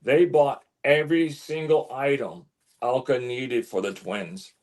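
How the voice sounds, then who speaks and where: A man telling a story as an interview guest, animated, stumbling and repeating words as he goes. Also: medium pitch, a little slow. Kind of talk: casual storytelling.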